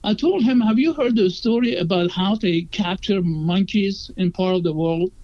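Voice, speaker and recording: A man's voice: high voice, moderate pace, a little mellow. A man telling a personal story in a conversational way, acting out the quoted dialogue earnestly. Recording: dull lo-fi sound.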